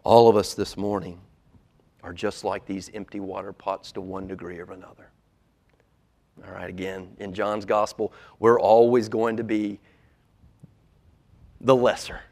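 A man pastor delivering a sermon, swinging from loud, urgent preaching to hushed, near-whispered lines. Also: fairly low pitch, fairly even intonation, measured pace, creaky, long pauses.

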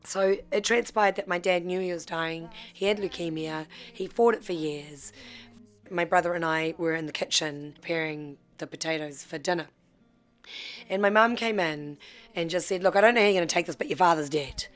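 A woman, telling her life story in a candid, heartfelt way with halting restarts. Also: lowish voice, soft background music. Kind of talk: personal storytelling.

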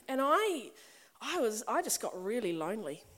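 A woman's voice: a little high, sing-song, unhurried. A middle-aged woman preaching to a congregation, talking in a conversational, personal way and building to emphatic passages. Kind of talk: sermon. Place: church or meeting hall with a congregation.

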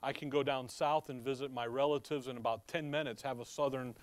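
A preacher with a slight Chicago accent teaches a Bible sermon conversationally, reading verses aloud and posing rhetorical questions to listeners. His medium-pitched voice is steady and a little fast, recorded dry.

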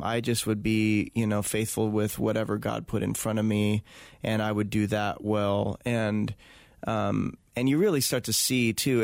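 A man with a gravelly, fairly low voice talks earnestly as a guest in a casual interview, often pausing on fillers and restarting his sentences. The sound is dry and close. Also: dry recording. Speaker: guest, touring event host.

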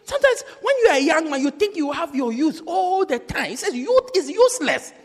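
Animated high-voiced pastor in a reverberant hall. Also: male voice, fairly quick. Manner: animated and joking, with acted-out quotes and sudden shouts. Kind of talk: lively sermon. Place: large church hall.

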